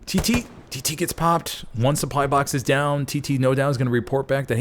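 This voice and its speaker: A man casting a competitive online shooter match play-by-play, folksy and excitable, jumping up in pitch at big plays. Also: brisk, a little hiss or hum. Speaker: esports caster. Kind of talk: play-by-play game commentary.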